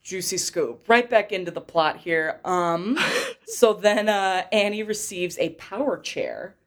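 A woman's voice: mid-range voice, unhurried. Chatty young woman recapping a movie. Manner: chatty, giggly, rambling with fillers. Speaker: podcast host. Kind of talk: casual movie recap chat.

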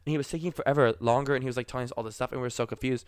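A young man co-hosting a podcast, telling a story in a rambling, animated way with lots of likes and laughs. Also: medium pitch, very fast, clean tone, no room sound, studio quality. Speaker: podcast co-host. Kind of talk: casual storytelling chat.

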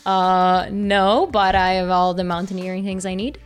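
A woman's voice: medium pitch, little pitch movement, normal speed, smooth, soft background music. A woman co-hosting a casual video chat, dry and teasing. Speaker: co-host.

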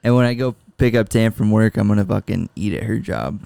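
Gravelly young man, crude banter. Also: on the low side, brisk, mellow, no echo. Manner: crude, laid-back banter. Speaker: podcast co-host. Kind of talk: casual chat.

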